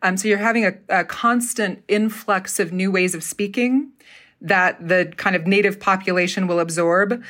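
Animated woman dialect coach from Utah. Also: mid-range voice, moderate pace. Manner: animated, acts out accents while explaining. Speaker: dialect coach and theatre professor. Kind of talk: casual interview chat.

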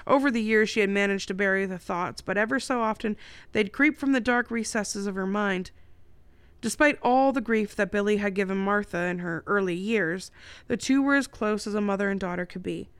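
A woman's voice: medium pitch, a little fast, clear, resonant tone, no room sound. A woman, a podcast host, reading a chapter of her own novel aloud. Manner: steady storytelling narration.

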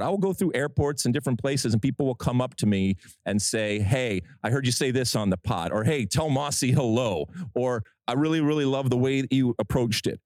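A man hosts a podcast from a studio set, and his voice rides up and down with lots of expression. He talks in an emphatic, animated way. His pitch sits in the middle, and the room sounds dry and close. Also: no echo. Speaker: podcast host.

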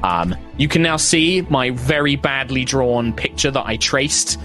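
A man narrates a tabletop role-playing game as its game master. His voice sits at an ordinary middle pitch. He talks loosely and casually, full of ums and little laughs. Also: expressive, unhurried, bright, forceful tone, faint music behind. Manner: chatty, many fillers, laughs at own lines.

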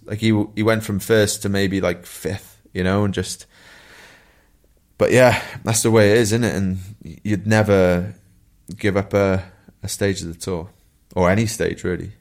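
A Welsh man and former pro cyclist, co-hosting a casual podcast and telling race stories in a relaxed way. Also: fairly low pitch, normal speed. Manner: relaxed storytelling with laughs and asides.

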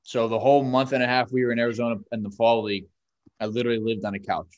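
A young man co-hosting a podcast, telling stories in casual, lively banter. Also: mid-range voice, racing, lo-fi sound. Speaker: podcast co-host, pro baseball player. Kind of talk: casual chat.

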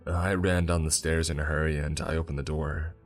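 A man narrating a first-person horror story in a calm, steady manner. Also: rumbling low, a little fast. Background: faint music.

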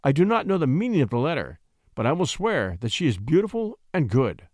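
A man's voice: on the high side, big pitch swings, a little fast, a little mellow, no room sound, clean studio sound, pitched above the performer's own voice. A man voicing an earnest young shepherd poet, speaking with respectful ardor. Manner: ardent and respectful.

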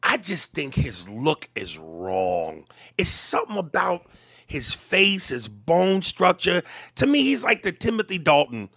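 A man's voice: on the high side, huge pitch swings, measured pace, sharp tone, slightly rough, no room sound, clean studio sound. A man in casual podcast chat, giving blunt, emphatic opinions.

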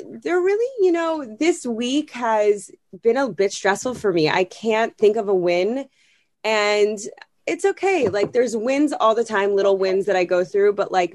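A woman's voice: medium pitch, a little mellow, no echo. Woman, 30s, podcast co-host, chatty and loose, dry close mic. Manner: chatty, peppered with "like", acts out inner voices. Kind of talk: casual chat.

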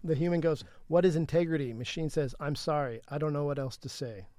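A man co-hosting a casual podcast, reading chatbot transcripts aloud in a flat, even delivery. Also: on the high side, fairly quick, dry recording.

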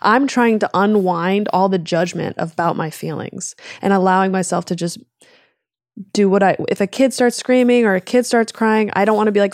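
A woman, pregnant, speaks as a guest on a relaxed chat show. She tells her stories with energy and acts out the other people in them. Her voice sits close to the mic in a dry room. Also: medium pitch, normal speed, no echo. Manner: animated storytelling with quoted voices and laughs. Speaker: podcast guest, comedian. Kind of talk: casual chat.

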